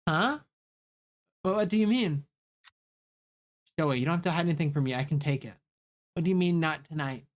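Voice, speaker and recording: A man's voice: on the high side, normal speed, pauses often, lightly acted. An anxious young woman from a story game, earnest and pleading as she asks not to be shielded from bad news, voiced by a man. The voice is raised and lifted above a usual speaking tone. She pushes for answers with a tight, worried insistence. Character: anxious young woman pressing a friend for the truth.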